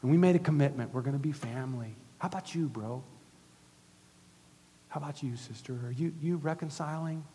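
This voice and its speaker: A middle-aged male pastor preaches in a casual, talky way, his fairly high voice dropping low and soft and then rising loud. The sound carries a long reverb from a large church hall. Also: brisk, slight background noise. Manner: conversational preaching with big swings from soft to loud. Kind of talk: sermon.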